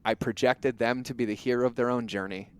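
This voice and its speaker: A man's voice: medium pitch, fairly quick, smooth. Guy on a podcast, punchy storytelling, casual, swears now and then, mid voice. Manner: emphatic, animated storyteller who acts out quoted exchanges. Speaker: podcast guest. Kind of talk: conversational interview talk.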